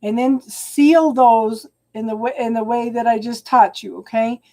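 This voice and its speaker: Warm-voiced woman giving a live tarot reading. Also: on the high side, steady tone. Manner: halting and repetitive, restarting phrases and calling viewers hun. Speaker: tarot reader. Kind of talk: live-stream tarot reading, talking to viewers.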